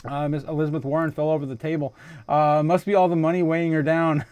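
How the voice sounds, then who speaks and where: A man with a fairly high voice hosts a casual livestream, reading viewer comments and reacting with frequent laughter. His talk is loose and full of fillers, restarts and exclamations. The sound is close and dry, with no room around it. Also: level tone, quick pace, a little mellow, clear, resonant tone, no echo. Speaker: livestream host.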